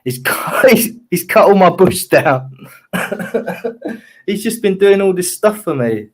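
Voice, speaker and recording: A man's voice: high voice, lively intonation, slow. A man chatting on a live stream, laid-back and joking, often stumbling and restarting his words. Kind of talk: casual chat.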